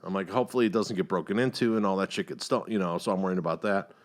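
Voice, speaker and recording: A middle-aged man hosting a casual podcast chat, telling a long story with heavy profanity and animated outbursts. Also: deep voice, rapid-fire. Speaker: podcast host.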